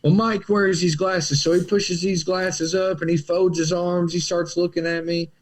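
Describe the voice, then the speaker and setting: A man's voice: sits high, normal speed. A man telling his recovery story with casual Southern slang, acting out the voices of others. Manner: animated, acts out quotes in character voices. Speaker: guest in recovery.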